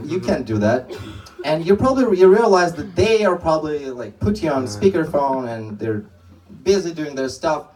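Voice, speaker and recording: A man's voice: a little high, sing-song, normal speed, hardly any pauses, darkish tone, distant mic, poor audio. A young man doing a stand-up comedy set on a club stage, telling rambling stories with many restarts.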